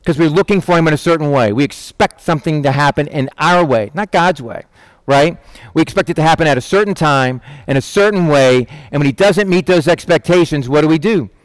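A man preaching with a fairly high, animated voice, recorded close and dry with no room sound. He keeps his sermon conversational, checks in with his listeners and jumps into little voices for the people he quotes. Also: brisk, no echo. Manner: lively, acts out quotes in voices, asks "right?".

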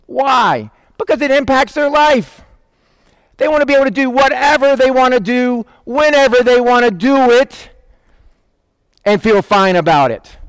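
A man preaching a sermon, telling a Bible story and acting out the quoted voices in a lively, casual way. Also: extremely high pitch, normal speed, smooth, no room sound. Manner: animated, acts out quoted voices. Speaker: pastor.

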